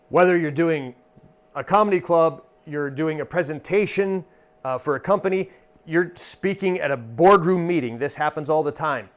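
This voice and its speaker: Friendly man teaching stage comedy lines. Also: a little high. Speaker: magician and comedy performer. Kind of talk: instructional talk.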